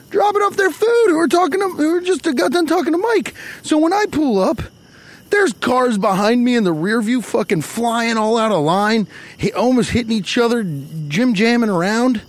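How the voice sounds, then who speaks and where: A man with a high, lively voice tells a stand-up story, swearing and getting worked up. He keeps slipping into little voices for the people he quotes, with his pitch jumping up and down as he goes. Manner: profane, exasperated, acts out the characters he quotes. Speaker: comedian.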